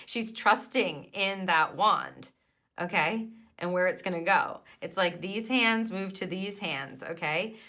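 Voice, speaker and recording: A woman's voice: mid-range voice, lively intonation, measured pace, sharp tone. A woman reading tarot cards for her viewers in an encouraging, emphatic way, with hesitant fillers between her points. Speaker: tarot card reader.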